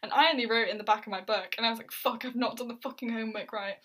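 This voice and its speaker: A woman's voice: a little high, very fast. A young woman co-hosting a podcast in casual chat, swearing freely and laughing as she tells stories. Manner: swears freely, laughs often, animated storytelling. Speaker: podcast co-host.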